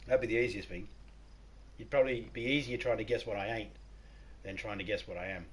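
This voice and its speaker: A man's voice: fairly low pitch, fairly bright tone, a little hiss or hum. An Australian man streaming a game, chatting casually and joking with viewers while reading chat aloud.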